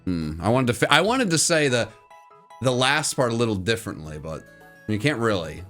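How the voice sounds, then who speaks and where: A young man co-hosting a casual gaming chat, playful and jokey, with excitable reactions. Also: mid-range voice, normal speed, faint music behind. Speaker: co-host of a gaming channel.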